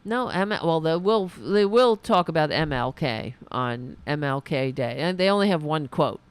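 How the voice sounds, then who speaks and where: Hosting a political commentary show, a woman speaks casually over faint music in a low, clear, resonant voice with no room sound. Expressive and moderately paced, she mocks sarcastically and mimics commenters as she reads their words.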